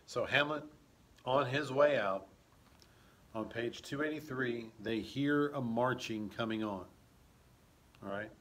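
A man teaches a play scene by scene, reading lines and pausing to explain them. He speaks slowly in a middle male pitch and often stops to check that his listeners follow. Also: fairly bright tone. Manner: slow, explanatory, frequent check-ins.

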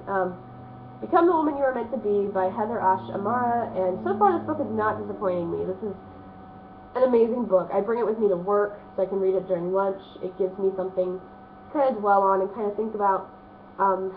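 A woman's voice: mid-range voice, slight background noise. A woman in her thirties chatting in a rambling way about her book haul, with a stuffy nose and lots of fillers. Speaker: vlogger showing a book haul. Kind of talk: casual chat. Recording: tinny, phone-like lo-fi audio.

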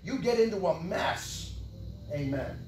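An older man preaching a sermon with great passion, swinging from loud yelling to low mutters. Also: expressive, unhurried, noisy background. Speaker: pastor. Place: church hall. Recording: echoey church hall, from far off.

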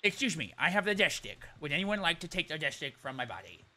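A man's voice: a little high, very animated, fast, sharp tone. A man from Texas clowning around in game voice chat, theatrical and silly, hopping between put-on voices. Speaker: game player. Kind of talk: goofy in-game voice chat role-play.

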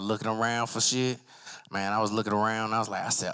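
A man doing a stand-up comedy set at an arts center comedy night, telling profane stories and acting out other people with sudden jumps up in pitch. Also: unhurried, pauses often, clear, resonant tone. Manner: acts out other people in his stories, voice jumping high with excitement; profane, loose storytelling. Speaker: stand-up comic.

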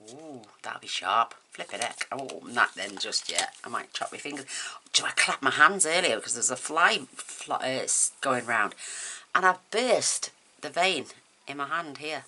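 Brit lady with a really low bright voice, all gushy and teary, little bit of hiss. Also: expressive, moderate pace. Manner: gushing and emotional, exclaiming over each item. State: tearful at times. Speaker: crafting vlogger opening happy mail. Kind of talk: casual chat to camera.

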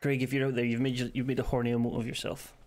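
A Scottish man streaming a game live, chatting casually, joking and swearing while thinking out loud. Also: medium pitch, little pitch movement, racing, faint music behind. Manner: sweary, jokey, thinks aloud. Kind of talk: casual gaming stream chat.

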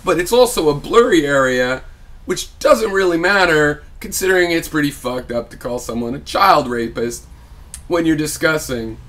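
A man's voice: fairly high pitch, expressive, normal speed, fairly bright tone. A man giving a casual spoken video reply, rambling with many fillers and restarts and growing heated and argumentative. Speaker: video blogger.

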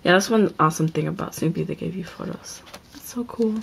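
A young woman chats through an excited unboxing, her voice sitting a little low for a woman. She gushes constantly and now and then drops to a breathy whisper. A faint hiss runs underneath the recording. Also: a little fast, poor audio. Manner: gushing, keeps repeating oh my god, drops into whispers. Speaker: unboxing vlogger. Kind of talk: excited casual unboxing chat.

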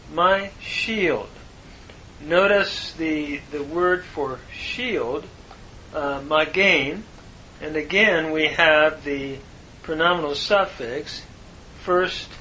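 A man teaching a Bible lesson on Hebrew grammar, explaining each word slowly and earnestly. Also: on the high side, pushed and bright, a little hiss or hum, low-quality recording. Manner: slow, deliberate explanation with earnest emphasis.

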